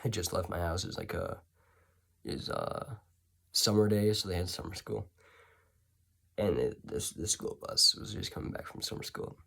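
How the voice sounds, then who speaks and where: A man's voice: low-pitched, lively intonation, moderate pace, vocal fry, long pauses, bright, forceful tone. Rambling, sarcastic young man telling a story. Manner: rambling, sarcastic, self-interrupting. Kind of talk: casual storytelling.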